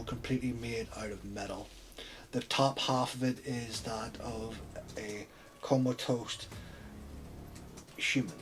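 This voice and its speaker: A man acting as storyteller, narrating a tabletop role-playing game with steady, descriptive scene-setting. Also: medium pitch.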